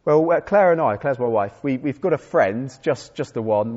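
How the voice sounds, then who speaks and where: Chatty preacher in a reverberant hall. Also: male voice, medium pitch, animated, normal speed, hardly any pauses, darkish tone. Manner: chatty, self-deprecating humor, frequent restarts. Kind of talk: conversational sermon. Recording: dull sound in a reverberant hall.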